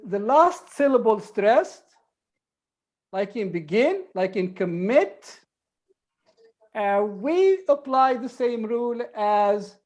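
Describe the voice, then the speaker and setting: A woman's voice: mid-range voice, a little mellow. A woman teaching an online group English lesson, patiently repeating examples and explaining rules step by step.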